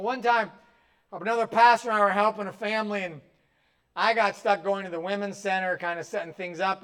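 Man, pastor, sermon, high-pitched, emphatic, direct exhortation. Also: smooth.

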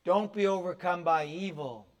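A man's voice: sits high, moderate pace. A male pastor preaching a sermon, urging his listeners directly and with emphasis. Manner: emphatic, direct exhortation to the congregation.

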